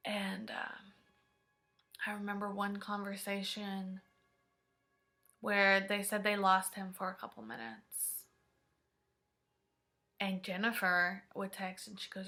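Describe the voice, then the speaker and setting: A woman vlogger telling a personal story in an emotional, halting way, sometimes dropping to a hush. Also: medium pitch, level tone.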